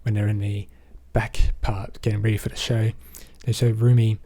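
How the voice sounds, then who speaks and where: Flat, husky-voiced Australian man. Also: lowish voice, normal speed. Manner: rambling, leans on fillers like "basically" and "um". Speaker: movie reviewer. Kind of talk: casual spoken movie recap.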